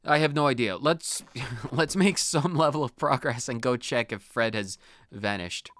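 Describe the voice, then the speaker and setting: A man's voice: medium pitch, a little slow, fairly bright tone. A man hosting a let's play, giving wry, joking game commentary.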